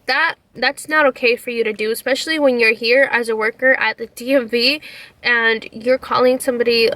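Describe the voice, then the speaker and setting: Bright-voiced young woman ranting a storytime. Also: a little high. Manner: animated, indignant retelling full of "like" and swearing. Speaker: vlogger. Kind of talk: casual storytime vlog.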